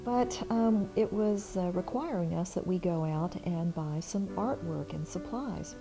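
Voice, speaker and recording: A middle-aged woman, a small business owner, telling a personal story in an interview, animated and acting out remembered conversations. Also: fairly low pitch, poor audio.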